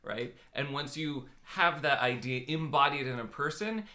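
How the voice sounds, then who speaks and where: A man, a business consultant, co-hosting a casual live stream in a relaxed way. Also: mid-range voice, normal speed. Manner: relaxed, laughs, some filler restarts. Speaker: business growth consultant, host.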